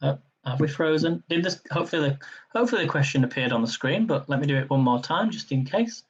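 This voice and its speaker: A man hosting a live-streamed general knowledge quiz. He chats casually between questions, then reads each question slowly and repeats it. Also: a little high, expressive, slightly rough, recorded from a distance, muffled recording. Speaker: quiz host.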